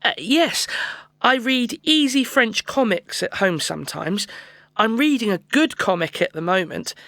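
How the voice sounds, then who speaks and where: A woman voicing a schoolboy named Jack in a scripted textbook audio dialogue, talking in a relaxed, chatty way about how he studies. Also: on the high side, measured pace, no echo. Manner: relaxed, chatty, laughs easily.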